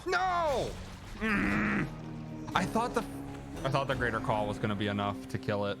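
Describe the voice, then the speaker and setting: A man's voice: medium pitch, sing-song, normal speed. A man streaming a video game, chatting casually and cracking jokes about what happens on screen. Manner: joking, chatty, self-deprecating. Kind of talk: casual gameplay commentary. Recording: game music playing clearly behind. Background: game music.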